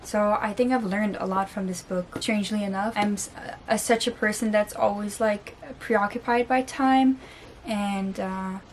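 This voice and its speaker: A woman's voice: medium pitch, steady tone, moderate pace, slight background noise. A woman book vlogger in casual vlog chat, gushing and earnest, with lots of "like" fillers. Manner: chatty, gushing, peppered with "like"; earnest and openly emotional.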